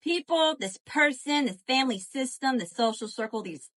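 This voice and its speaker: A woman doing a live tarot reading, animated and profane, calling to her viewers as y'all. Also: high voice, moderate pace. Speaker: tarot reader.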